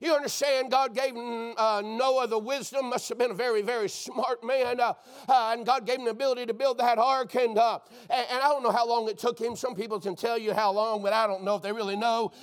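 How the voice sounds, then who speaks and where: Man, very high-pitched, fervent sermon, shouted bursts. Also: steady tone, a little fast. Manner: fervent preaching with shouted bursts and "dear friend" refrains. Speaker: preacher.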